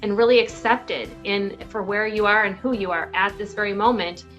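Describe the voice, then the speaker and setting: A woman's voice: mid-range voice, fairly even intonation, normal speed, fairly bright tone, muffled recording, faint music behind. A woman who is a relationship advocate, talking earnestly in a casual conversation and explaining in loose, reflective phrases.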